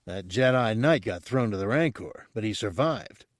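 A guarded young man, voiced by a male reader, speaking low and hushed as if not wanting to be overheard. His tone is flat and wary. The sound is dry and close. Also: normal speed, no room sound, close to an everyday voice.

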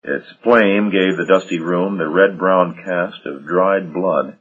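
A man narrating an audiobook in a measured, dramatic storytelling manner. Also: deep voice, fairly even intonation, a bit bright, slightly rough. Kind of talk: scripted narration. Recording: dull lo-fi audio.

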